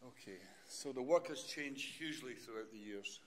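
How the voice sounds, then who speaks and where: A man's voice: mid-range voice, normal speed, fairly bright tone, in a large hall. A man, a university lecturer giving a chatty, rambling talk and often correcting himself. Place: lecture hall.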